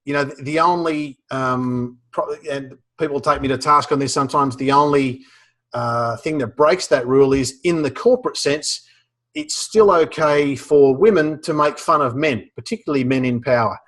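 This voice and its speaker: A man with an Australian accent giving casual advice on humor, relaxed, with many fillers and restarts. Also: medium pitch, moderate pace. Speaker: guest speaker on humor.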